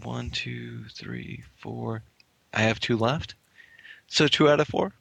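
A man co-hosting a podcast, chatting casually about beers he is tasting, with a relaxed, swearing manner full of restarts. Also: medium pitch, slow, creaky, dry recording. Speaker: podcast co-host. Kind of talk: casual beer-tasting chat.

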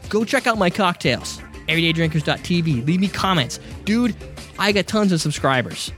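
A man's voice: sits high, expressive, moderate pace, a bit bright, faint music behind. A man hosting a casual podcast, talking in a loose, profane, joking way. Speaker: podcast host.

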